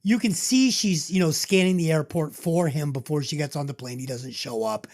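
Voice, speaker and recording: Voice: medium pitch, normal speed, a little mellow. A podcast co-host reviewing a movie in casual chat, emotional and choked up at times, swearing freely.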